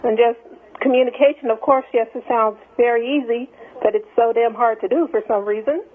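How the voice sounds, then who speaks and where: A woman from California calling into a radio show, speaking hesitantly with many pauses and fillers. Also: fairly high pitch, steady tone. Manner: hesitant, full of "um" and "as far as". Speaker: caller. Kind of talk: call-in radio talk. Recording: phone line.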